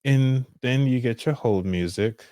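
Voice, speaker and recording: A man's voice: medium pitch, unhurried, mellow, no echo, clean studio sound. A man hosting a live money show, talking loosely and offhandedly with trailing asides. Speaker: podcast host. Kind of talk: casual live demonstration.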